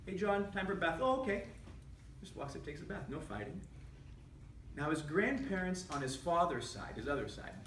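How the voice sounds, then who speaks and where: A man giving a prepared speech to an audience, telling a humorous family story with animated delivery. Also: a little high, a little hiss or hum. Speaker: public speaker. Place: meeting room with an audience. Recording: echoey room from a distant mic.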